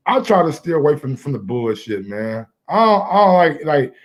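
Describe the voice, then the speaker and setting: A man with a slightly high voice talks sports casually. He is laid-back and halting, and often restarts his sentences. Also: sing-song. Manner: laid-back, halting, repeats words as he starts.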